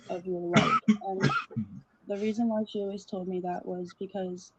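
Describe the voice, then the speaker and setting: A woman, a contestant, sharing a family quote in a plain, unhurried way with fillers. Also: mid-range voice, a little mellow, breathy edge. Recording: dull lo-fi sound with faint noise.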